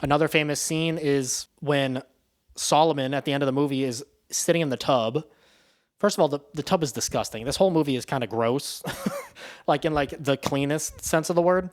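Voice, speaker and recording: A man's voice: a little high, normal speed. A man giving a casual spoken movie review, rambling and swearing in a loose, offhand way.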